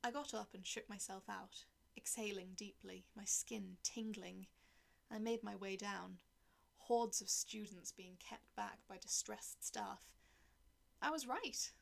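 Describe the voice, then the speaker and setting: A woman reading a dark first-person story aloud in a cold, detached way, often dropping to a whisper. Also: medium pitch, a little slow, creaky. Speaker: narrator.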